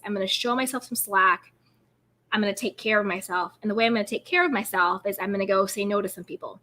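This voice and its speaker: A woman's voice: mid-range voice, quick pace, bright, forceful tone. A woman hosting a live stream as a self-care coach, talking in an encouraging, upbeat and affirming way. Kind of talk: casual live-stream talk.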